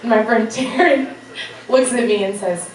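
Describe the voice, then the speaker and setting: A woman's voice: on the high side, moderate pace. Young woman telling a story on stage. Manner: casual, profane, laughing often. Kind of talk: live comic storytelling. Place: stage before a live audience. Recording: echoey room, distant mic, audience noise.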